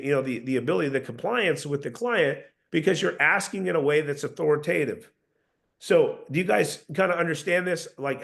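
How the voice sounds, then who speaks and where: Gravelly-voiced man coaching a sales team. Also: a little high, fairly bright tone. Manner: earnest, coaching, with frequent restarts. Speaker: sales trainer. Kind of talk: casual sales coaching talk to a group.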